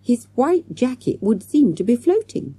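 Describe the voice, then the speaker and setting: A woman voicing a cautious, thoughtful schoolboy who speaks slowly and doubtfully. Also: a little high, big pitch swings, dark tone, slightly rough, dry recording, voice pushed up, full character voice. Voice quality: slow, doubtful.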